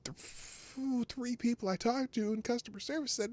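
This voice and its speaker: A man's voice: very high-pitched, moderate pace, hardly any pauses, darkish tone, dry recording. A middle-aged man hosting a live show, telling a long exasperated story in a rambling, casual way. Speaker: livestream show host.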